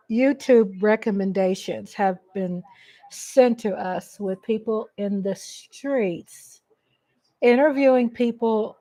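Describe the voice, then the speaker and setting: Middle-aged woman, livestream host at home on a desk mic, slightly high voice, rambling and chatty. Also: a little mellow. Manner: chatty and rambling, reads viewer comments aloud; emotional, laughs often. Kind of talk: casual live commentary. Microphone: USB desk mic.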